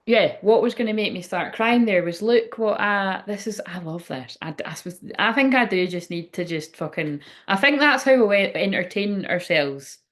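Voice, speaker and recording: A woman's voice: medium pitch, animated, normal speed, hardly any pauses, fairly bright tone. A woman hosting a psychic livestream from home, chatting loosely and emotionally, swearing often and trailing off mid-sentence. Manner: rambling, emotional, swears freely, frequent laughs. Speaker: psychic medium livestream host. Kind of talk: casual livestream chat.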